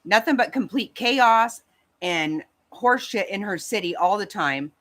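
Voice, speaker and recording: A woman with a medium-pitched, fairly bright voice and lively intonation speaks at a measured pace. She is a livestream host delivering an angry, casual rant to her chat, blunt and heated, with lots of swearing.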